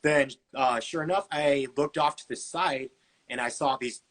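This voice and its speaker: Chatty and full of filler words, this twenty-something podcast guest recounts his story and performs the dialogue as he goes. His voice is medium in pitch and fairly bright, at a normal speed.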